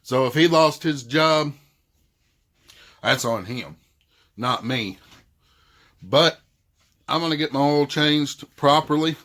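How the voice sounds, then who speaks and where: A man's voice: fairly high pitch, slow, long pauses, fairly bright tone. A middle-aged man with a thick Southern accent, casually retelling a dispute and quoting what each side said. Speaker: vlogger. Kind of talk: casual storytelling.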